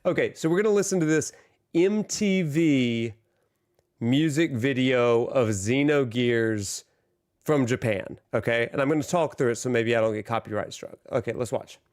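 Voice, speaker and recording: Chatty, excitable male streamer. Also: mid-range voice, moderate pace. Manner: chatty and excitable, many fillers and asides. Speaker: streamer reacting to a music video. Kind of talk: casual livestream commentary.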